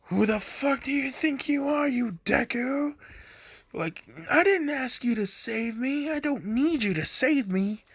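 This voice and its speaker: A furious young heroine spits curses in a high, strained voice, as a man puts her on. She yells insults from a dry, close recording in a casual fan story. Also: unhurried, husky, dry recording, exaggerated voice. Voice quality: yelling, cursing. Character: angry foul-mouthed young female hero.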